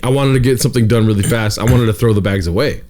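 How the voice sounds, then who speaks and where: A man's voice: lowish voice, quick pace, darkish tone. A young man hosting a podcast, telling a rambling story in loose casual chat, full of swearing and "dude". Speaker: podcast host.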